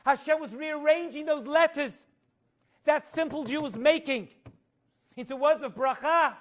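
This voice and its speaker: High pitched middle aged rabbi guy, animated storytelling class, sings the hebrew bits, jokey asides. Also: a little slow. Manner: humorous asides.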